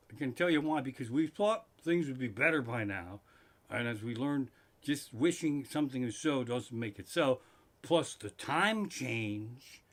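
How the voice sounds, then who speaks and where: In a mid-range voice, a middle-aged man hosting a live stream from his living room tells a profane, comic story. It builds into loud rants full of swearing.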